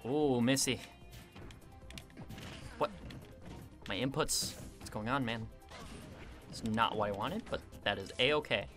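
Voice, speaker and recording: A man giving casual gameplay commentary, excitable and self-mocking, quick to vent his frustration. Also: medium pitch, faint music behind. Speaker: gaming video creator.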